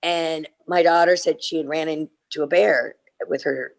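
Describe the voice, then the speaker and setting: A middle-aged woman on a video-call fan panel, telling lively stories and acting out the people in them. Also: measured pace, creaky. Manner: animated, acts out quotes with big leaps in pitch. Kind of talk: casual anecdote telling.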